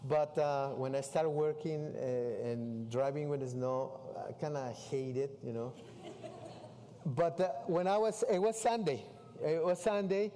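A man, a missionary preaching a sermon with animated stories in English. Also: on the high side. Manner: animated storytelling with non-native English. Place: church sanctuary. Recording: far-off voice in a reverberant hall.

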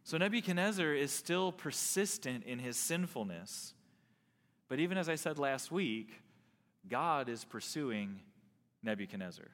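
A man's voice: medium pitch, big pitch swings, a bit bright. Earnest preaching man in a reverberant hall. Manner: earnest preaching with slow emphatic stresses. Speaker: pastor. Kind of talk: sermon.

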